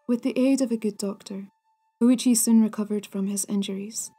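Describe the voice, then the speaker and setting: A woman hosting a folklore podcast, narrating a ghost story in a hushed, half-whispered, deliberate way. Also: medium pitch, steady tone, slightly rough. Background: soft music.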